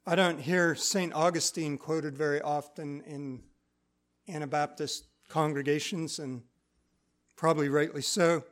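A man's voice: a little high, steady tone, measured pace, fairly bright tone. A man preaching a sermon in church. He reads scripture aloud and explains it in plain, conversational teaching.

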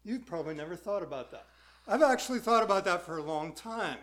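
A man's voice: high-pitched, expressive, quick pace, fairly bright tone. A male pastor preaching a sermon in a conversational way, putting questions to the congregation.

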